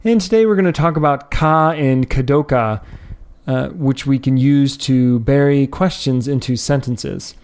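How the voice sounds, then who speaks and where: Man, teacher, casual grammar lesson, loose delivery, frequent ums and restarts, mid pitch. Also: unhurried, clean tone. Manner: relaxed, with many fillers and restarts. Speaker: language teacher.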